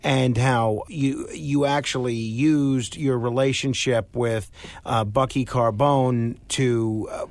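A man's voice: medium pitch, fairly even intonation, slow, darkish tone, no echo. Attentive male podcast host. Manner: attentive, short reactions, hesitant fillers when asking. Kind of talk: interview questions.

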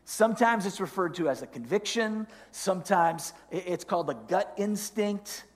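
A man's voice: sits high, normal speed, big-room sound. A middle-aged man preaching a sermon as pastor, telling stories animatedly. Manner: storytelling, animated, acts out inner voices. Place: church sanctuary.

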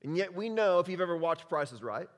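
A man's voice: high-pitched, lively intonation, quick pace. A male pastor preaching a sermon, emphatic and conversational, quizzing the congregation with repeated questions. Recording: long hall reverb.

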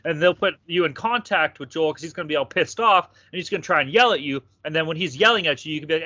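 A man's voice: fairly high pitch, animated, fast talker, few pauses, bright, forceful tone, no room sound. A young man co-hosting a sports betting podcast, chatting casually with rowdy, profane banter. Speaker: podcast co-host. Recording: dull lo-fi sound, dry.

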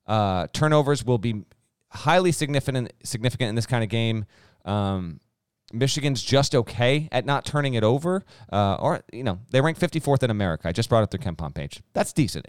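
In a studio-quality recording with no echo, a young man co-hosting a podcast talks in a clean, mid-range voice. The conversation is casual sports betting on college basketball, heavy on stats, and he often starts sentences over.

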